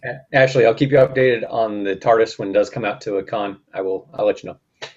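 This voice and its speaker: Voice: mid-range voice, brisk, a little mellow, muffled recording. A co-host on a casual livestream chat, talking in a playful, encouraging way.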